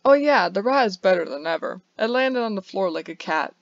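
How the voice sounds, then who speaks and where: A woman's voice: on the low side, moderate pace, no room sound, lightly acted. This is a kind, chatty young barista from a bedtime storybook, voiced by a woman who reads the whole tale. He tells his story with amusement. The recording is dry and dull, like a lo-fi home setup. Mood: friendly.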